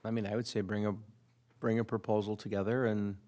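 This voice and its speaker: Low-voiced council member, halting. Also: male voice, flat delivery, a little mellow. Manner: deliberative, halting with restarts. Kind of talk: council workshop discussion.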